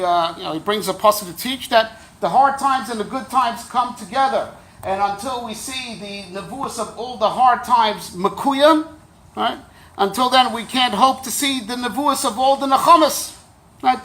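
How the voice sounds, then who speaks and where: Speaking in a very high, slightly bright voice, a man leads a Torah class as a rabbi. His tone is easygoing and wry, with jokes on the side and a habit of asking "right?" to keep listeners with him.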